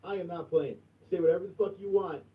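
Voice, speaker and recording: A man hosting a livestream in casual chat, crude and profane, going from mumbling to loud outbursts. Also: high voice, fast, distant mic. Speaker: livestream host. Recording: tinny phone-like sound from off mic.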